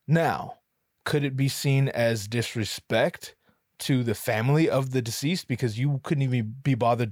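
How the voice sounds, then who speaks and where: A man's voice: mid-range voice, no echo, studio quality. Rambling, profane man thinking aloud. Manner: profane, self-interrupting, riffing aloud. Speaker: solo commentator. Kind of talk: rambling comedic monologue. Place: at home.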